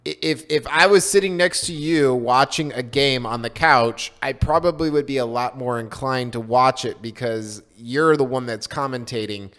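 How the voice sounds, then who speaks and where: A man's voice: medium pitch, normal speed, hardly any pauses, a bit bright. A man hosting a casual chat, rambling and self-deprecating as he talks. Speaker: podcast host.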